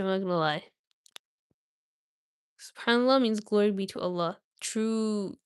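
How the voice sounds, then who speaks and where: A woman's voice: mid-range voice, a little slow, clear, resonant tone, no echo. A young woman reading a book aloud on a live stream, with small slips and restarts, and chatting casually with her viewers.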